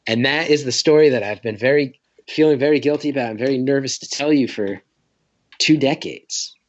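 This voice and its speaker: A man's voice: mid-range voice, a little fast, dull audio. A man in his late thirties, a comedian guest telling a story in a rambling, nervous, self-deprecating way. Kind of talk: casual podcast storytelling.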